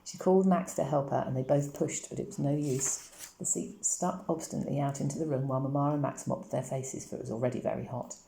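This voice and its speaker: A woman reads a novel aloud in a steady, even storytelling manner. Her voice is low and dark with a gravelly edge. The recording carries a roomy echo. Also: fast talker. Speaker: audiobook reader.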